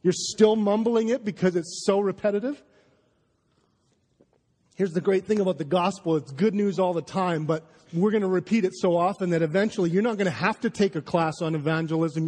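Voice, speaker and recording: A man's voice: sits high, a little mellow. A male pastor preaching an impassioned sermon to his congregation, emphatic and stammering through restarts. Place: large church hall. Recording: live sermon in a reverberant hall.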